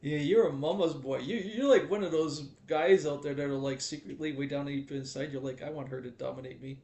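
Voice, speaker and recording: A man's voice: on the high side, fairly quick, a little mellow, slight background noise. A man live streaming a game, talking casually in a chatty, teasing way that turns preachy. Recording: echoey room.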